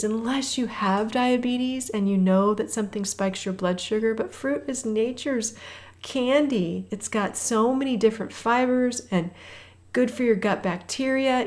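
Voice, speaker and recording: A woman's voice: on the high side, a little mellow. A woman in her fifties, a health coach hosting a walking workout, chatting and calling out intervals while she walks, a little breathless at times.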